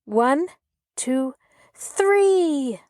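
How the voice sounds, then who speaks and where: A woman voicing a bossy young girl who leads a party game, speaking in a commanding, brisk way. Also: mid-range voice, a little mellow, no echo, clean studio sound, lightly acted.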